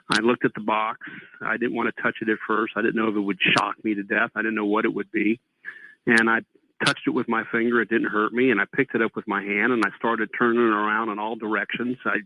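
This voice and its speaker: A man's voice: lowish voice, no echo. A man telling a long personal story to a host, acting out the dialogue he recalls. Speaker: guest telling an abduction story. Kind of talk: phone-in conversation. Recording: tinny phone line.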